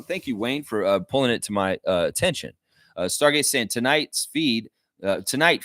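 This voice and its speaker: A man hosting a casual sports chat stream, reading viewer comments aloud and reacting to them in an animated way. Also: mid-range voice, no echo, clean studio sound. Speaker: livestream host.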